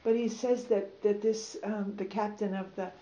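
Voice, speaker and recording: A woman reading a passage aloud to an audience, then talking it over in a relaxed, loose way. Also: medium pitch, moderate pace, slight background noise. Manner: relaxed, loose, many fillers. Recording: roomy, slightly dull recording.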